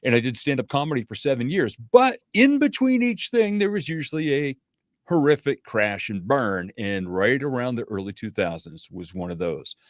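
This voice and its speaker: A man's voice: mid-range voice, expressive, normal speed, no room sound, studio quality. A middle-aged man, a podcast guest, telling his life story steadily and with self-deprecating humor. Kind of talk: interview storytelling.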